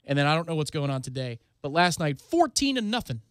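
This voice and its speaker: A man's voice: fairly high pitch, sing-song, quick pace, a bit bright, no room sound, clean studio sound. A man from Florida co-hosting sports talk radio, chatting casually and wryly about baseball. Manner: wry, puts on fan voices.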